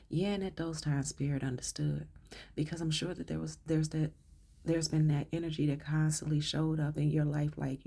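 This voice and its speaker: Low, gravelly-voiced woman reading tarot. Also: flat delivery, moderate pace. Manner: emotional, affirming, drops into soft whispers. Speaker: tarot reader.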